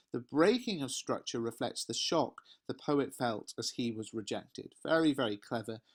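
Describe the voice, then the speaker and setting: Man, English accent, teacher, reads verse aloud, explains step by step, asks rhetorical questions. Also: mid-range voice. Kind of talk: poetry analysis lesson.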